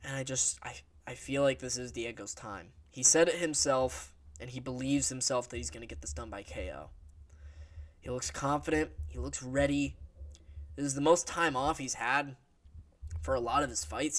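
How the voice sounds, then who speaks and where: A man's voice: mid-range voice, moderate pace. Blunt, profane man predicting fights. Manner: blunt, opinionated, swears casually. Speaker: MMA fight analyst. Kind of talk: casual fight prediction vlog.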